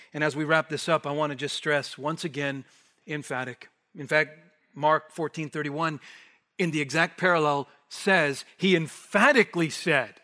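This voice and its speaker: A male preacher with a fairly high voice gives an expository sermon. He repeats phrases for emphasis and sinks to near whispers to make points land. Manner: emphatic, repetitive, with hushed drops for weight.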